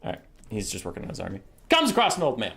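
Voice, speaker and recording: Animated, rambling, sweary male streamer. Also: fairly low pitch, rapid-fire, creaky. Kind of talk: comic storytelling while playing a strategy game.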